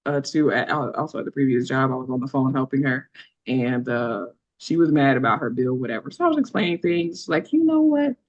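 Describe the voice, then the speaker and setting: A woman co-hosting a podcast, telling funny work stories in a casual, animated way and laughing often. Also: brisk, muffled recording. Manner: animated, laughs often, acts out quotes in a high voice. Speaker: podcast co-host. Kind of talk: casual chat, storytelling.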